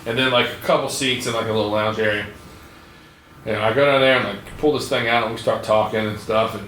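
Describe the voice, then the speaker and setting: A man's voice: lowish voice, steady tone, a little fast, fairly bright tone, roomy sound, distant mic, a little hiss or hum. A man hosting a podcast, telling a rambling, profane story and laughing along the way. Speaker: podcast host. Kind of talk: casual storytelling.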